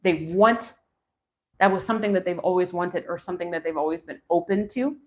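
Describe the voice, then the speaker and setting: A woman in her forties turns tarot cards on a live reading, thinking aloud to her viewers. Her voice is lowish and a little mellow, and she speaks briskly.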